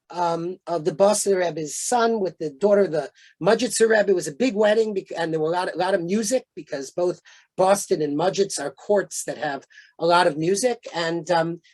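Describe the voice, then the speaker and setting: A man lecturing on a video call, telling anecdotes in a relaxed conversational way with frequent fillers and restarts. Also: high voice, moderate pace. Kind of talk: storytelling lecture.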